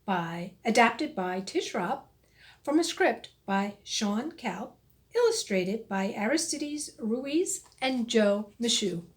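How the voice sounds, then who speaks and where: A woman reading a rhyming picture book aloud in a slow, expressive storytelling voice. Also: a little high. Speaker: storybook reader.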